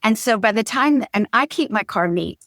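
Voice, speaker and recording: A woman's voice: fairly high pitch, moderate pace, no echo, studio quality. A woman, a marriage coach telling stories in a podcast chat and acting out the lines of the people in them. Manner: animated storyteller acting out quotes. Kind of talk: casual storytelling chat.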